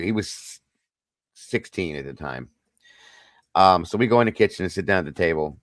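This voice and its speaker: Low-voiced middle-aged man telling a story. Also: animated, moderate pace, pauses often, no echo. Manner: earnest personal storytelling, talks straight to viewers. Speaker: host. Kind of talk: casual livestream chat.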